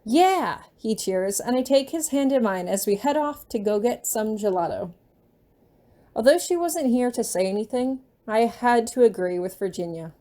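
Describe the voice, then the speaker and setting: Mellow-voiced woman reading fan fiction. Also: fairly high pitch, lively intonation, normal speed.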